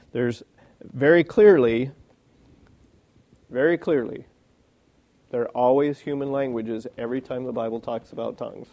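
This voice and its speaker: A man's voice: medium pitch, dark tone. A man giving a sermon in a plain, conversational way, often asking rhetorical questions. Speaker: preacher.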